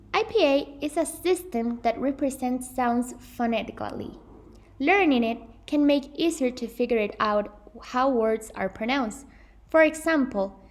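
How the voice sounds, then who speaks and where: A slight background noise accompanies this young woman's fairly high voice as she teaches English pronunciation from a script. Her manner is earnest and careful, with frequent self-corrections.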